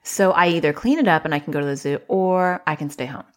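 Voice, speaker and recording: A woman's voice: deep voice, fast talker, close to an everyday voice. A woman voicing a young child who is stubborn and whiny about cleaning up. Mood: reasoning.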